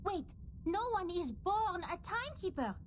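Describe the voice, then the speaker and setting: Prim, very high-voiced game heroine. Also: female voice, very animated, normal speed, a little hiss or hum. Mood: explaining.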